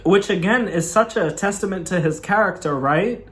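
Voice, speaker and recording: A man's voice: fairly high pitch, moderate pace, hardly any pauses. A young man gushing in a casual video review of a film he loved, talking enthusiastically and repeating himself. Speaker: movie reviewer.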